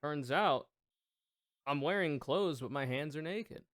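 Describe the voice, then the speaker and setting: A man's voice: on the high side, a little slow, fairly bright tone, no room sound. A man chatting casually on his livestream, rambling and joking at his own expense. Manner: rambling, self-mocking, jokey.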